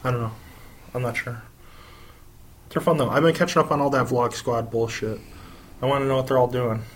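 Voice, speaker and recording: A steady, medium-pitched American man speaks fairly quickly while co-hosting a laid-back gossip podcast alongside his wife. Expect wandering chatter, plenty of swearing and regular laughs.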